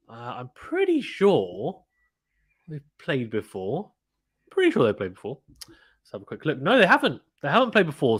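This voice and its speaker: A man in casual watchalong mode, talking to his chat in a mid-pitched voice and often repeating himself. His voice is recorded close and dry, with no room sound, like a desk microphone at home. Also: a bit bright, dry recording. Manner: chatty, repeats himself, talks to chat viewers. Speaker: live stream commentator.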